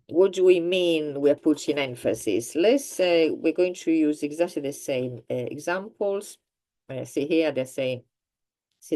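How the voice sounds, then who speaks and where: A woman with an Italian accent teaching a grammar lesson, explaining slowly with example sentences and laughing now and then. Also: deep voice, mellow. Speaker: language teacher.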